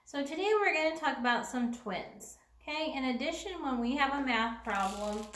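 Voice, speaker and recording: A woman teaching second grade, with a slightly high voice, works through each example slowly and with care. She says every sentence twice so young children can follow. The room is echoey, with a faint hiss behind her. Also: fairly bright tone. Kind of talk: remote classroom lesson.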